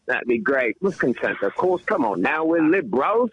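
A man's voice: mid-range voice, sing-song, normal speed, few pauses, a bit bright, breathy edge, dry recording, highs cut off. A man with an English accent calling in to a radio show, rambling and profane in a theatrical way. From England. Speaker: radio caller. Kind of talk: rambling comic call-in chat.

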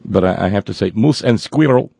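A man's voice: on the low side, animated, a little fast, creaky, dark tone, breathy edge, dry recording. A man hosting a political talk show, ranting sarcastically with many stumbling restarts.

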